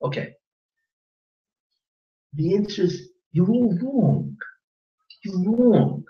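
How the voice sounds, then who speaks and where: A man teaching a class as a rabbi, animated and joking, quizzing his audience with questions. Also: sits high, drawn-out words. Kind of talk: lively Torah class lecture. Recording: roomy lo-fi recording from a distance.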